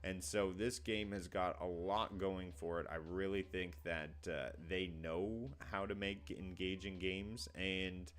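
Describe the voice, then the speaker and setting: A man's voice: low-pitched, flat delivery, a little slow, few pauses, a bit bright. A man co-hosting a casual video game reaction chat, talking with easygoing, upbeat enthusiasm. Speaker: co-host.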